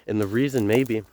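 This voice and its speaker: A man's voice: lowish voice, heavy background noise. Laid-back young man telling a story. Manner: rambling, laid-back, lots of fillers and swearing. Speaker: vlogger. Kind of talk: casual storytelling.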